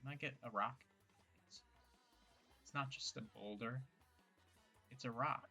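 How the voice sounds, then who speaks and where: A young gameplay streamer with a gravelly, bright voice rambles through a casual session, tossing out jokes and self-mocking asides. His pitch sits fairly low with a crisp edge, and he speaks a little slowly. Faint game music runs underneath.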